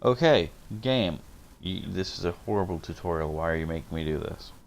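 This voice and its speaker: A man with a fairly low voice plays through a game on stream. He reads the on-screen text aloud and breaks off into chuckling, self-mocking comments. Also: animated, brisk, gravelly, slight background noise. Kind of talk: let's-play narration and commentary.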